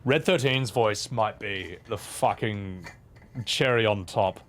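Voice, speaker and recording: A man streaming a video game, swearing and ranting at the controls, then mumbling softly to chat. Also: fairly low pitch, slow pace. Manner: swears a lot, rants loudly at the game, then drops to soft mumbles. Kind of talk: live gameplay commentary.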